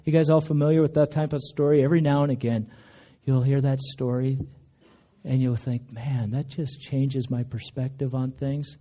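In a church sanctuary, a pastor delivers a sermon with a flat, mellow voice at normal speed. He tells his stories conversationally and acts out quotes by raising his pitch.

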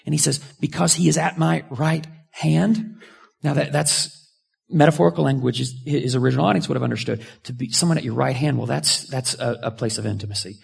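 A middle-aged male pastor preaching, with a gravelly, slightly husky voice. He tells a personal story in a sermon, dropping to hushed asides and rising to loud bursts. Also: on the high side.

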